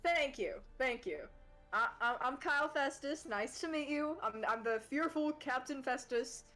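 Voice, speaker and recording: A woman's voice: high-pitched, moderate pace, fairly bright tone, faint music behind. A woman voicing a fearful, blustering male ship captain in a tabletop game, rambling and full of fillers. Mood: pleading. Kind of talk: tabletop role-play.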